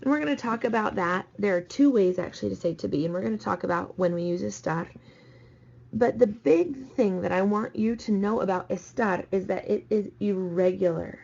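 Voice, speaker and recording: A woman's voice: mid-range voice, moderate pace, creaky, darkish tone. A woman teacher talking students through a slide lesson, patient and repeating the key points. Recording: dull lo-fi recording.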